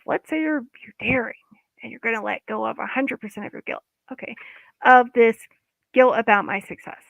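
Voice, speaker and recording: A woman's voice: fairly high pitch, moderate pace, creaky, long pauses, no room sound. A woman giving a casual, guided self-help talk as an EFT coach, informal and chatty, sometimes losing her words. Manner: chatty, informal, loses words mid-sentence. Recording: dry, phone-like line.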